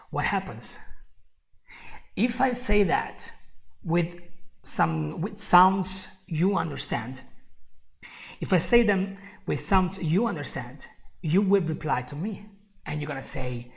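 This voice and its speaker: A woman's voice: lowish voice, expressive, takes it slowly, creaky. A woman giving a live online English lesson, who repeats her key points, chuckles often and calls the viewer "my friend". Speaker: English teacher.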